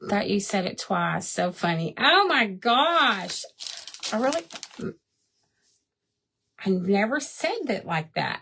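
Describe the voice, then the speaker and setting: A woman's voice: lowish voice, creaky, slightly rough. A woman hosting a craft livestream, chatting casually, laughing often and answering viewers by name. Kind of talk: casual live chat while crafting.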